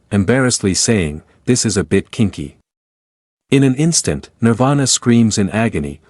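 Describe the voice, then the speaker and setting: A man narrates a fantasy comic recap as scripted storytelling, in a steady read. His voice sits somewhat low and is recorded dry and close. The pacing is brisk and even. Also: no echo.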